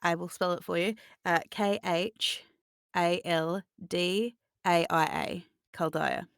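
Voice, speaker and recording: Woman running a tabletop game, slow low voice, stops and restarts a lot, dry sound. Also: expressive, creaky, smooth, no room sound. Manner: halting, searching for words. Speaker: game master. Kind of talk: immersive second-person narration.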